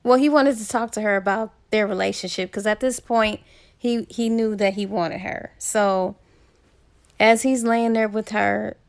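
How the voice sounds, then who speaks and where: Slow-talking woman with a gravelly voice. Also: mid-range voice, fairly even intonation. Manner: chatty retelling with fillers and quoted asides. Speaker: book reviewer. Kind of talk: casual book recap.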